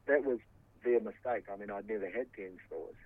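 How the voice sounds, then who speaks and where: A man's voice: lowish voice, a little fast, no room sound. A man, defending himself in a heated interview, swearing and restarting his sentences. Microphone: phone. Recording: tinny phone line.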